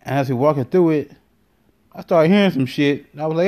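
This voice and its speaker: A man hosting a podcast, telling a comic story in an animated, profane way with many fillers. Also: fairly high pitch, a little fast. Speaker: podcast host. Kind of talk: comedic storytelling monologue.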